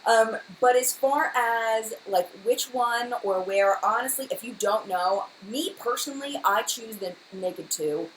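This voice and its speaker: A woman in her thirties hosting a live stream, answering viewers in a fast, rambling, chatty way with many fillers. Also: fairly high pitch, slight background noise, poor audio. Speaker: beauty channel host.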